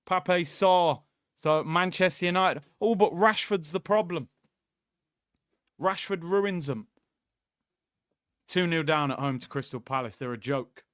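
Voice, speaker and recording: Hosting a football watchalong, a man with a slightly high, clear, resonant voice jokes and rants animatedly to his live chat as casual fan commentary, repeatedly calling viewers "people." He speaks a little slowly, pausing often, in clean studio sound with no echo.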